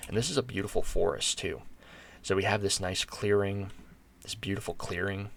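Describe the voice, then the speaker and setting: An American man talks his way through a game in a deep voice with a gravelly edge. He rambles and restarts, filling gaps with ums as he thinks aloud. A faint hiss sits under his voice. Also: normal speed. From United States. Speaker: gaming channel host. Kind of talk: casual gameplay commentary.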